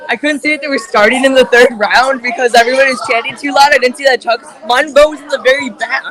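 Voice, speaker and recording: A man's voice: extremely high pitch, fairly even intonation, fast. A young man co-hosting live race commentary in a chatty, musing way. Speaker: co-host commentator. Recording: noisy room with a very loud crowd.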